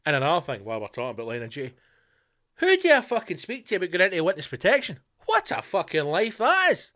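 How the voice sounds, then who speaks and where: A Scottish man rants with heavy swearing and dry sarcasm as he hosts his own show. His voice sits a bit higher than most men's. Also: huge pitch swings, quick pace, sharp tone. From Scotland. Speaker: podcast host. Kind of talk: profane comedic rant.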